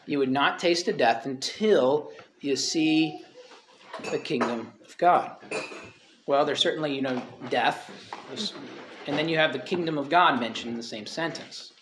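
Man preaching in a high, conversational voice. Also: unhurried, noisy background. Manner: conversational preaching, quoting scripture, asks rhetorical questions. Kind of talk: sermon.

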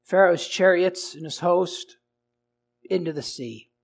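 A man preaching a sermon in a notably high voice, asking his listeners question after question. He takes his time, moving between loud, stressed phrases and quiet, dropped lines. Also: slow pace, creaky. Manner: asks the congregation rhetorical questions. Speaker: pastor.

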